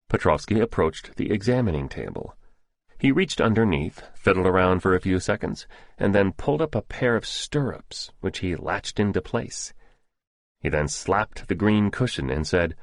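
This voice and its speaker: A man narrating a first-person thriller audiobook in a measured, steady storytelling manner. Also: deep voice, no echo, clean studio sound.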